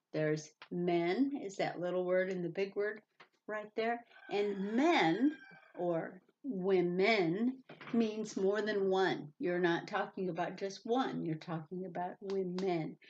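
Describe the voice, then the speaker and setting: A woman's voice: fairly low pitch, a little mellow, muffled recording, a little hiss or hum. A woman teaching a reading lesson to young children, patiently spelling out words letter by letter and explaining their meanings.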